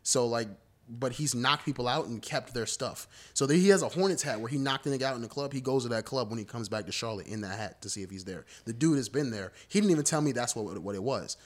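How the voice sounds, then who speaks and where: A man hosting a podcast, telling animated stories in casual chat and swearing freely. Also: mid-range voice, fast. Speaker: podcast host.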